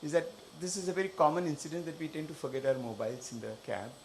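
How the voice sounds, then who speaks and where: A man sharing a personal story at a workshop, halting and hesitant with many fillers and restarts. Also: fairly high pitch, lively intonation, a little hiss or hum. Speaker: workshop participant. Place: workshop room.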